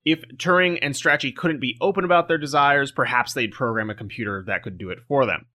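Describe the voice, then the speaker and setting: Bright-voiced man reading a podcast script. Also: mid-range voice, fairly quick. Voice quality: programmer speaking. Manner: reads a prepared script, breaks off for dry jokes. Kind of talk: scripted narration with asides in a podcast chat.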